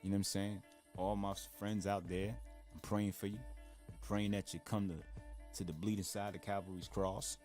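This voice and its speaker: Podcast host, man with a lowish voice and Connecticut street slang, energetic shout-outs, music in the background. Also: normal speed. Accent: Connecticut urban slang. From Stamford, Connecticut. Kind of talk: casual podcast monologue.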